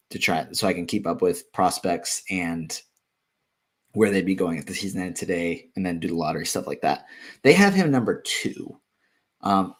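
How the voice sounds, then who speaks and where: A man with a deep, low-pitched voice talks through listener questions in a loose, unscripted Q&A. He thinks out loud as he goes, filling pauses with ums and catching and restarting his own sentences. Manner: thinks aloud with frequent ums and self-corrections. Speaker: fantasy basketball analyst answering viewer questions. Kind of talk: casual live Q&A.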